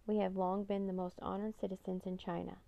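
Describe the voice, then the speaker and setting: A woman voicing an earnest, sorrowful male scholar who speaks in a solemn, measured way. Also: medium pitch, little pitch movement, gravelly, warm tone, dull audio, natural voice.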